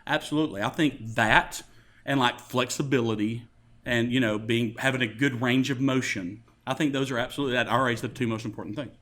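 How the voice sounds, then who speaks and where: A man's voice: medium pitch, a little fast, a bit bright. A man co-hosting a podcast in casual chat, laughing often and joking at his own expense. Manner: laughs often, self-deprecating. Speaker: podcast co-host.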